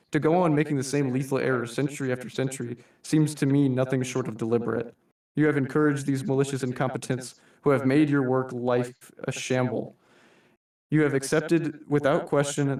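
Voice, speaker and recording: A man's voice: mid-range voice, darkish tone, natural voice. A man voicing a theatrical masked anarchist who reads a formal, mock-polite monologue addressing humanity as his staff, recorded in a roomy room from a distant mic.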